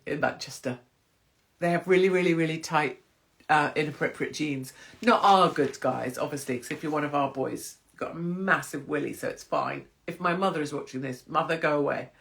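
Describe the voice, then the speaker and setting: A woman's voice: low voice, moderate pace, vocal fry. A woman hosting a casual livestream chat, cheeky and self-mocking, laughing often. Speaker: livestream host.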